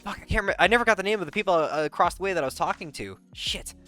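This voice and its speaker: Lively rambling man recapping a trip. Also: high voice. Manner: rambling, many fillers and restarts, quick to laugh. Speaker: content creator. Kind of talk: casual vlog recap. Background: faint background music.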